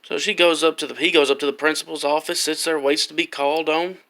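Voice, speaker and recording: Man, high voice, bright, crude joke teller, rambling, profane. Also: fairly even intonation, quick pace. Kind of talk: casual joke storytelling.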